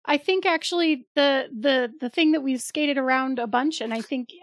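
High-voiced woman, playful podcast co-host. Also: normal speed, dry recording. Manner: laughs often, playful. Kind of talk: casual chat.

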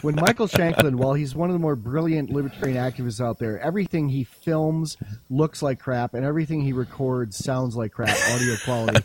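A man's voice: medium pitch, brisk. A man joking and rambling in casual banter as a podcast guest, talking over a voice chat call. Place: home in Wyoming. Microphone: online voice chat call.

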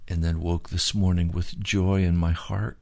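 An older man preaching a sermon as pastor, earnest and pleading, with slow drawn-out phrases. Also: low voice, little pitch movement, darkish tone.

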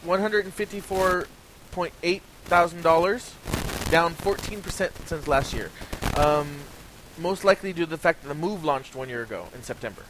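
A man's voice: a little high, moderate pace. A man hosting a casual gaming podcast, reading out sales figures with lots of ums and restarts. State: slightly hoarse from talking. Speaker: podcast host. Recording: faint hiss.

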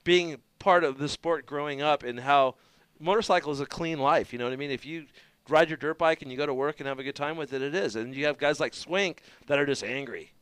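A man co-hosting a radio show, telling stories in an animated, profane way. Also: a little high, a little fast, clear, resonant tone, dry recording. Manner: animated, swearing, laughing storyteller. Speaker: co-host. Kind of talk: casual storytelling. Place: radio studio.

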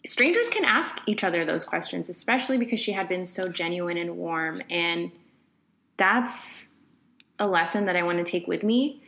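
A woman's voice: medium pitch, measured pace, a bit bright. Woman, young adult, podcast host, candid, conversational, fillers. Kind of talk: reflective personal storytelling.

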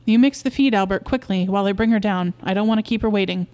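A woman's voice: mid-range voice, fast talker, darkish tone, natural voice. A woman reading a story aloud, voicing an anxious, fussing young mother who scolds primly. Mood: fretful. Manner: fretful, prim scolding.

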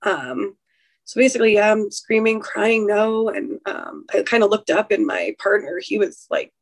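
A woman's voice: mid-range voice, moderate pace. Young woman guest, rambling personal account, emotional, many fillers and restarts. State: emotional, recounting trauma. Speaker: guest sharing a birth story. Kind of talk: personal storytelling in an interview.

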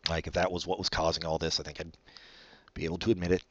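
A man's voice: sits low, flat delivery, fast, a bit bright, dry recording. A man hosting a podcast on his own, rambling casually in a self-deprecating way and often trailing off. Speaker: podcast co-host. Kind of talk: rambling solo podcast chat.

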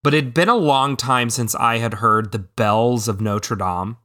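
A man in a casual podcast chat about movies, his voice bright and forward with a smooth, clean tone. He talks eagerly, piling up ums and restarting his sentences as he goes. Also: mid-range voice, measured pace. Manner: enthusiastic, with frequent ums and restarts. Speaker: podcast co-host.

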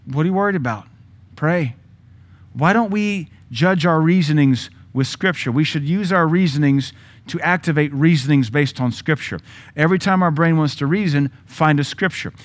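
Southern male pastor, pitched a bit high, lively sermon delivery with sharp commands. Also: moderate pace. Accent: Southern American. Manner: animated preaching with mock voices and sudden loud commands.

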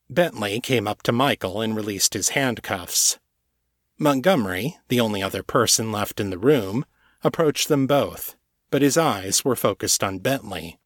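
A man narrating a novel chapter in scripted audiobook style, with a measured, even delivery. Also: on the low side, dry recording, clean studio sound.

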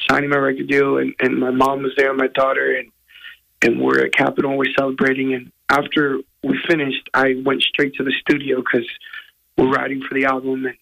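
A man, a guest musician, telling a personal story in an earnest, halting, emotional way from a hotel room. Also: mid-range voice, creaky, sharp tone, low-quality recording.

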